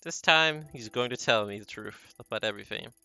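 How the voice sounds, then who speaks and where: A hurt young woman confronts her family, defiant and accusing, read by a man in his ordinary voice. The tone is very bright. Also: medium pitch, a little fast, clear, resonant tone, no room sound, voice pushed down. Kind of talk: reading game dialogue aloud.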